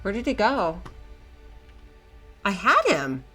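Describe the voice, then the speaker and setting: A woman's voice: mid-range voice, big pitch swings, slow, sharp tone, faint music behind. A young woman streaming a game live, chatting to herself and her in-game pets in a flustered, talkative way. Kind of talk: live gameplay commentary.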